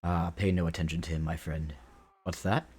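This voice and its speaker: A man reading the lines of a kindly old male magician in a video game, in a husky voice. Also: sits low, steady tone, brisk, darkish tone. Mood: friendly.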